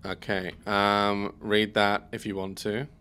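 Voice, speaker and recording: A man's voice: lowish voice, completely flat delivery, takes it slowly, over music. A man giving let's play commentary on a video game, chatty and bemused, thinking aloud as he plays. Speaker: gaming YouTuber.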